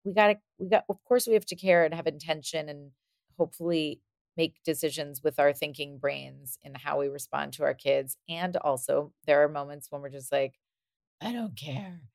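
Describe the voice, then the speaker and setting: Woman podcast host with a low voice, reflective and conversational; close, dry studio recording. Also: steady tone, normal speed, creaky, darkish tone, dry recording. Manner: thoughtful, restates points, laughs lightly. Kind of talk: casual conversational podcast discussion.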